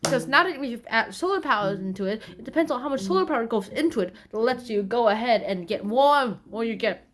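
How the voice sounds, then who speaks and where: A woman's voice: fairly high pitch, expressive, a little fast. A woman casually summarizing science news from a magazine, in a loose, rambling way with playful asides.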